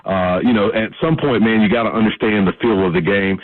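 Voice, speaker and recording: A man's voice: lowish voice, fairly even intonation, brisk, no echo. A man calling in to a sports radio show, talking football in an emphatic, coaching way and saying "man" often. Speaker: caller. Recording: tinny phone line.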